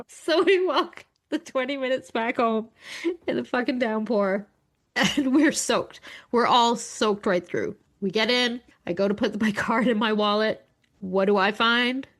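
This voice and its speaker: A woman in her forties from Alberta, co-hosting a podcast in casual chat, telling animated stories full of swearing, acted-out quotes and laughter. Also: a little high, measured pace. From Alberta, Canada. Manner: animated storyteller, swears freely, acts out quotes, laughs often. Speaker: podcast co-host.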